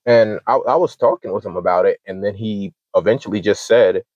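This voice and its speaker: A young man with a low, deep voice tells a long story in a heated, profane rant, acting out both sides of an argument. The sound is dull and lo-fi, dry with no room echo. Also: fairly quick, darkish tone. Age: 20s. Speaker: channel host.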